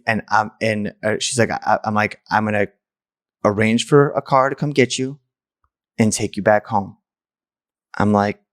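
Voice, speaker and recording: A man's voice: lowish voice, fairly even intonation, a little slow, pauses often. Man telling a painful personal story. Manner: candid, emotional, with restarts and stammers. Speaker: podcast host.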